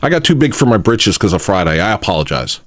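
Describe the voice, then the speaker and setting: A man's voice: fairly low pitch, sing-song, quick pace. A man hosting a livestream, casually rambling through jokes and putting himself down. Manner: rambling, self-deprecating, drops into mumbles. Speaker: livestream host. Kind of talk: casual chat, trying out jokes.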